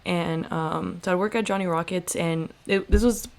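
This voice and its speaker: A woman's voice: on the low side, normal speed, creaky. Young woman telling a story casually. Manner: animated, lots of "like" fillers, acts out quoted voices. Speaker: podcast co-host.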